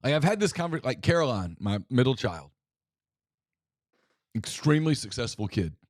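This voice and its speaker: A man's voice: medium pitch, big pitch swings, normal speed, no echo, studio quality. A middle-aged man co-hosting a casual sports talk show, chatty and exasperated with laughing asides. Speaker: co-host.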